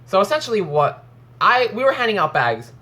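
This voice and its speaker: A young man rants to his viewers about his day, his pitch swinging up and down as he talks. He is frustrated and rambling, swears often, and plays a video game while he talks. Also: big pitch swings, fairly quick, bright, forceful tone. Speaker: gaming vlogger. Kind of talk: casual rant while playing a game.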